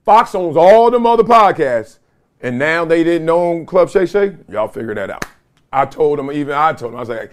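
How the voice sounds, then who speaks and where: A man riffing alone into a camera in his basement, his pitch set a little high and swinging widely as he jumps between points. He talks in loose slang and breaks into laughter between thoughts. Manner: animated, slangy, laughs often. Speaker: podcast host. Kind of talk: casual solo commentary. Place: home basement. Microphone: video camera or phone.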